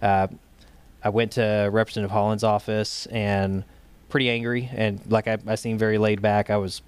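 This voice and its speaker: Low-voiced man telling a story. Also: level tone, moderate pace, smooth. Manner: talks in loose runs with frequent fillers and restarts. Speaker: guest, state director of a gun rights group. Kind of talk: casual interview storytelling.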